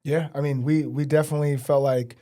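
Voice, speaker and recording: A man's voice: a little high, level tone, fairly quick, dark tone. A middle-aged man, a teacher and program director, hosting a casual interview with an upbeat, encouraging manner and many fillers.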